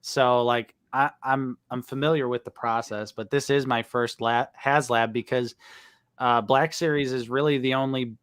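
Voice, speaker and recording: A man hosting a casual livestream, chatty and relaxed, reading viewer comments. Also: mid-range voice, normal speed, smooth, dry recording, clean studio sound. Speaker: host.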